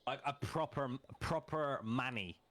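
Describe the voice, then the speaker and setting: A man's voice: mid-range voice, a little slow, a crowd in the background. A man from the UK chatting casually during a game, blunt, teasing and opinionated. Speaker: streamer's friend. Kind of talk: casual gaming chat.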